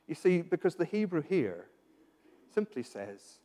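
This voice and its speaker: A man's voice: sits high, big pitch swings, fairly quick, darkish tone. A man preaching a sermon, earnest and pastoral, asking his listeners rhetorical questions and often repeating himself as he builds a point. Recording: long hall reverb.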